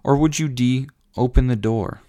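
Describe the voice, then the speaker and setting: A young man telling a story in a casual, rambling way, full of fillers and laughs, with bursts of animated disbelief. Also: medium pitch, moderate pace. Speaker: vlogger.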